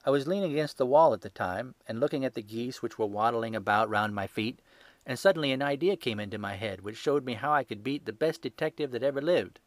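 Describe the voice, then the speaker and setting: A man voicing a terrified young male hotel thief who pleads desperately with a shrill, high voice. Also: fast talker, dry recording, natural voice. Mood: anxious confessing.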